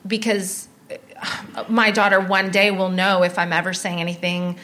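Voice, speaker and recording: A woman's voice: mid-range voice, level tone, moderate pace, a bit bright, slight background noise. A woman comedian guest in a casual podcast chat, telling candid anecdotes.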